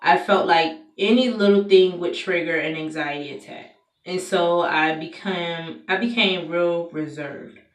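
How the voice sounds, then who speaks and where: A woman's voice: fairly low pitch, measured pace, distant mic. A young adult woman telling a personal story in a candid, conversational vlog, with plenty of fillers and restarts. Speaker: vlogger. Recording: echoey room, voice from away from the mic.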